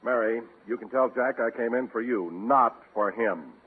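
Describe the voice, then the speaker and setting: A man's voice: mid-range voice, moderate pace, a little hiss or hum. A man, a radio show announcer in a 1940s comedy, stiffly formal and sulky. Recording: tinny old radio broadcast.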